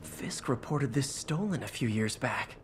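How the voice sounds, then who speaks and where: A man's voice: mid-range voice, animated, a little slow, close to an everyday voice. Fields: Spider-Man, wisecracking young hero, voiced by a man. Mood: wry. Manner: dry, joking asides. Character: wisecracking young male superhero. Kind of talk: video game voice acting. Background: game music.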